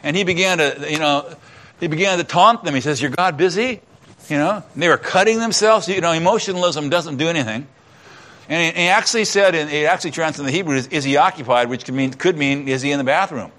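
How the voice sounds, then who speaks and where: A man's voice: fairly high pitch, quick pace, fairly bright tone. A man preaching a sermon, dramatically retelling a Bible story and acting out the voices, with folksy asides. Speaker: pastor.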